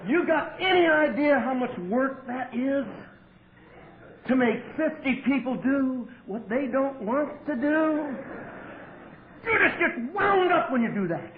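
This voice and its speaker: A man telling his story at a recovery meeting, wry and profane, with sudden loud outbursts. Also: high-pitched. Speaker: AA meeting speaker. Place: meeting hall with audience. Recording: tinny lo-fi 1988 tape with faint hiss.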